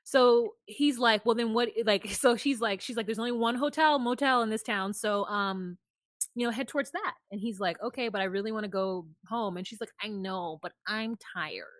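A woman's voice: on the high side, moderate pace, no echo, studio quality. A woman co-hosting a podcast, casually retelling reality show scenes and quoting the people in them. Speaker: podcast co-host. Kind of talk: casual recap chat.

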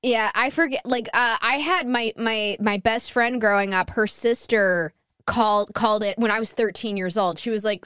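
Chatty american lady hosting a podcast, swears a lot, smooth clear voice, dry sound. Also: medium pitch, moderate pace, no echo. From United States. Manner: animated, swears freely, acts out quoted voices. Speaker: podcast host. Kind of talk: casual chat.

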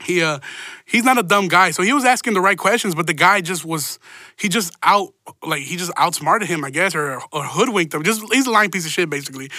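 A man's voice: high voice, animated, brisk, pushed and bright, dry recording. A man telling a rambling, profane story in a casual monologue, with laughing asides.

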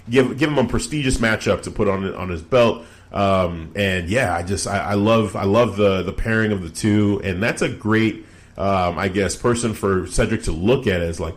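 A man co-hosting a casual wrestling podcast, relaxed and rambling, full of fillers and restarts. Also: low-pitched. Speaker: podcast co-host.

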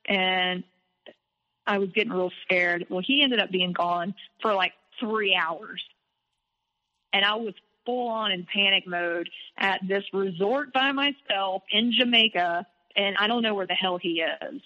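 Bright-voiced woman telling her story candidly. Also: mid-range voice, measured pace, long reverb tail, highs cut off. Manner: candid, animated, frequent "like" fillers. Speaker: podcast guest. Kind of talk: personal storytelling in conversation.

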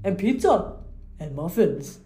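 A woman putting on a big simple-minded brute, slow, dim-witted. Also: on the low side, big pitch swings, mellow.

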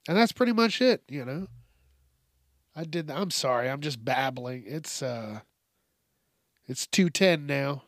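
A man's voice: on the high side, lively intonation, unhurried, pauses often, no echo, studio quality. A tired man hosting a casual solo podcast late at night, rambling and swearing as he trails off and restarts. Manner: rambling, profane, self-interrupting. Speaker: podcast host.

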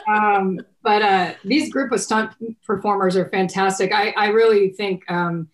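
A woman's voice: mid-range voice, fairly even intonation, measured pace. A middle-aged woman from Texas, an actress chatting casually in an interview, rambling with many restarts and fillers. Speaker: actress guest.

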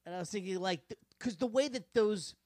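A man's voice: high voice, brisk, a little mellow, no room sound, studio quality. A man co-hosting a trivia podcast in casual chat, rambling and laughing often, trailing off into guesses. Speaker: podcast co-host.

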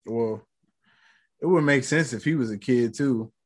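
A man's voice: medium pitch, measured pace. A man retelling a show scene by scene in a laid-back chat, swearing now and then. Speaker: podcast co-host recapping an episode. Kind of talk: casual recap chat.

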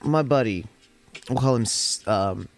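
At home during a smoke session, a young podcast host tells a long casual story in a mid-range voice that runs a little slow. He rambles and chats, swearing plenty, as faint lo-fi jazz hop music plays behind him.

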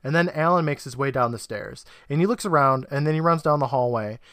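A man co-hosting a casual podcast, walking through a TV episode scene by scene. His delivery is easygoing and amused, at an ordinary pitch. The recording is dry and close. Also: a little fast, fairly bright tone, dry recording. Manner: laid-back storytelling, laughs often. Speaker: podcast co-host.

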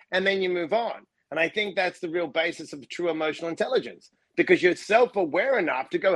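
Brief: male interview guest, higher-pitched, intense and emphatic, dry close sound. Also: lively intonation, quick pace, few pauses, fairly bright tone, no echo. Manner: emphatic, intense, repeats himself for stress. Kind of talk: casual interview chat.

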